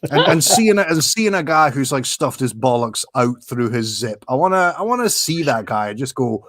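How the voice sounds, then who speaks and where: Man co-host, lively rising voice, rambling storyteller, dry close sound. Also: mid-range voice, normal speed, dry recording. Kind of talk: casual chat.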